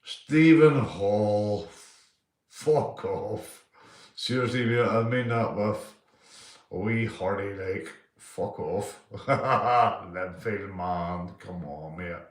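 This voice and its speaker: A man's voice: lowish voice, very slow, roomy sound, far from the mic. A man of about fifty-five with a Northern Irish accent, chatting casually on a livestream, rambling, swearing and repeating himself. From Northern Ireland. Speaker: livestream host. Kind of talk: casual live chat reading comments.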